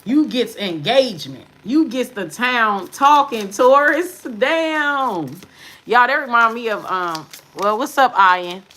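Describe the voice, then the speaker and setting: A woman tarot reader talking to her viewers in a brash, profane, sassy way, with emphatic bursts and quick muttered asides. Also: fairly high pitch, expressive, a bit bright, rough recording. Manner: emphatic, with sudden drops to mutters. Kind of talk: live tarot reading monologue.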